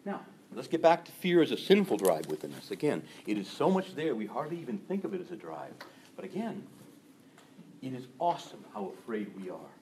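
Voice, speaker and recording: Man, preacher, sermon, very lively pitch, animated delivery, faint background noise. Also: brisk. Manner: animated, acts out gossiping voices.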